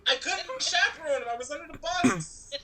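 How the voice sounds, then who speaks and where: A man's voice: extremely high pitch, animated, normal speed, a crowd in the background. A man co-hosting a podcast, jokey and teasing the others. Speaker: podcast co-host. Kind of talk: casual podcast banter.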